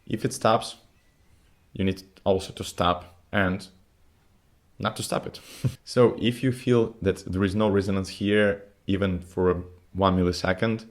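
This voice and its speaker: Male vocal coach, somewhat low voice; patient, step-by-step singing lesson delivery with slightly phrasing. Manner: non-native phrasing, patient step-by-step explaining.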